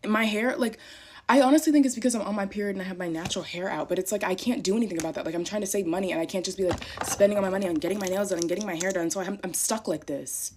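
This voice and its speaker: A woman's voice: medium pitch, fast. A young woman ranting casually to camera, irritated and dramatic, swearing often. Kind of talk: casual vlog rant.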